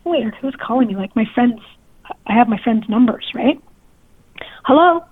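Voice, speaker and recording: Woman caller, shaken and near tears, high voice, phone-line sound. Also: normal speed, breathy edge, dry recording. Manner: upset, tearful storytelling. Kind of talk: telling a personal story to a radio host. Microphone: telephone. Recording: tinny phone line, dry.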